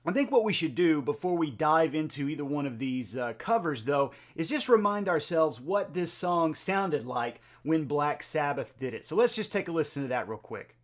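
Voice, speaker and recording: A man's voice: on the high side, expressive, moderate pace, hardly any pauses. A man hosting a music reaction video, talking in a chatty, conversational way with lots of filler words. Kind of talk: casual reaction video talk.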